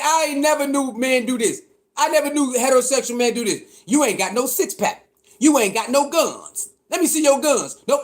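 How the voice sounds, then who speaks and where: A man ranting in a casual, mocking and incredulous way, repeating himself, laughing, and jumping from shouts down to mutters. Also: sits high. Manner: mocking, incredulous, swings between shouting and mumbling. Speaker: commentator reacting to online critics. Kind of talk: animated casual rant.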